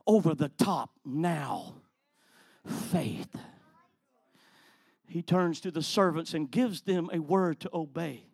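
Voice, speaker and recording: High-voiced dramatic male evangelist. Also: no echo. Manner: dramatic, storytelling, builds to loud declarations. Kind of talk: sermon.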